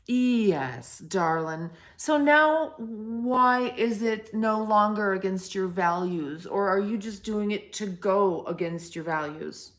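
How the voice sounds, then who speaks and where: Woman, livestream host; unhurried, frank and foul-mouthed, teasing chat with "honey" and "babe". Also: medium pitch. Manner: blunt, profane and frank; teasing, affectionate pet names. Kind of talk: casual chat with viewers.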